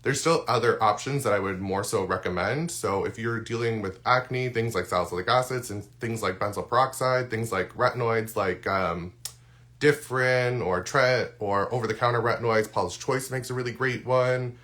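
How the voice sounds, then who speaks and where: A man's voice: mid-range voice, moderate pace, fairly bright tone. A man who is losing his voice, chatting casually through a live unboxing with lots of ums and restarts. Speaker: skincare content creator. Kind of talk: live-stream unboxing chat.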